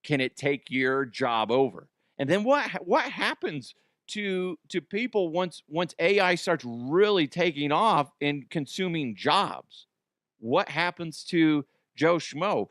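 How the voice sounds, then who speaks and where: A man's voice: a little high, sing-song, slow pace, a bit bright, dry recording, clean studio sound. An American man hosting a comedy news show, giving a crude, profane, self-mocking monologue. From United States.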